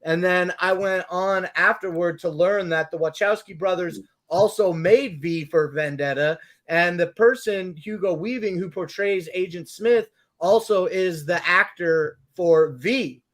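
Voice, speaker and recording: A man's voice: high voice, unhurried, few pauses. A man co-hosting a casual podcast chat, rambling and swearing as he talks. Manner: rambling, profane, excitable. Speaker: podcast co-host.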